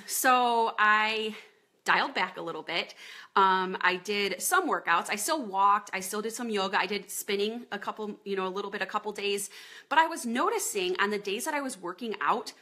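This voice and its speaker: Woman, thirties, fitness coach, casual live chat, home office, bright tone. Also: medium pitch, normal speed. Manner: chatty, greets viewers by name mid-sentence.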